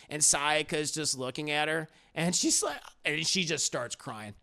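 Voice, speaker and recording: Gravelly, bright-toned male anime reviewer. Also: a little high, measured pace, few pauses. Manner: animated and profane, with frequent fillers. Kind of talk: casual episode recap.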